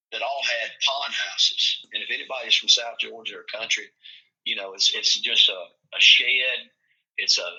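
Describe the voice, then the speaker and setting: Man, football coach, from Tennessee, casual storytelling, sharp forceful tone, dull lo-fi recording. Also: on the low side. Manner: folksy, animated storyteller acting out quotes.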